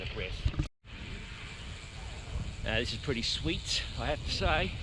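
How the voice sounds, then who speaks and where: A chatty man talks his viewers through a bike ride, speaking casually in a mid-range voice. He was recorded outdoors on the move, with clear wind and road noise on the camera audio. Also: medium pitch, big pitch swings, slow, long pauses. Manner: chatty, talks to dogs and viewers while riding. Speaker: cycling vlogger. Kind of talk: casual ride vlog narration. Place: outdoors on rural roads while riding a bike.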